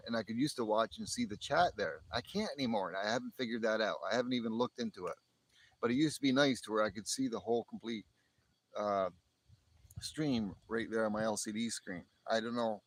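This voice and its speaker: A man's voice: fairly low pitch, fairly quick, no echo, low-quality recording. A man from the northern United States near the Canadian border, rambling casually on his live stream and chuckling as he talks. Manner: rambling, chuckles often, restarts sentences. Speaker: livestream host.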